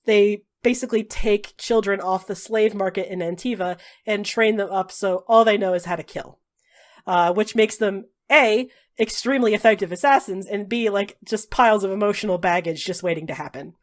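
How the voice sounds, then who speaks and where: A woman's voice: mid-range voice, moderate pace. A woman running a tabletop game as game master, narrating in a casual, chatty way and laughing often.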